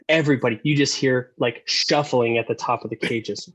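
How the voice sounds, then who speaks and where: A man telling stories as a podcast guest, animated and profane, acting out the voices he quotes and laughing as he goes. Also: medium pitch, moderate pace, hardly any pauses. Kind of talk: casual storytelling.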